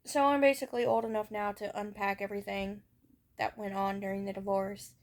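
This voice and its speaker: Talking to camera about her early years, a young woman with hiccups speaks candidly and rambles a little, using fillers often. Her mid-range voice has a flat delivery and runs slightly fast.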